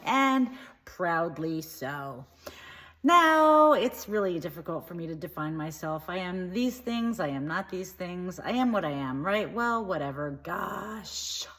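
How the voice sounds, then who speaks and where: A woman playing a naive, opinionated young woman in a comedic monologue, rambling chattily in a deadpan way. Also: medium pitch, lightly acted. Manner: free-associating, chatty, deadpan.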